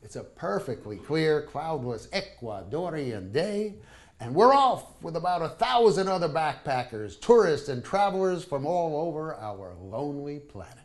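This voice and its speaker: A man's voice: fairly high pitch, very animated, a little slow. A man reading his own travel stories aloud to a live audience, wry and full of comic asides. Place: small live performance venue.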